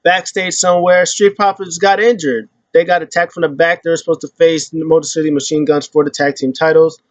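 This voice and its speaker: A man hosting a casual wrestling recap, retelling events in an animated way and acting out the quotes. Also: a little high, brisk, no echo. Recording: dull lo-fi sound.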